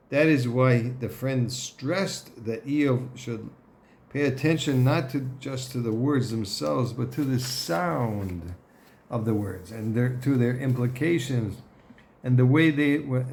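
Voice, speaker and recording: A man giving a Torah lesson in a deliberate manner, often clearing his throat and checking in with his listeners. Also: mid-range voice, a little mellow. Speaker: Torah teacher.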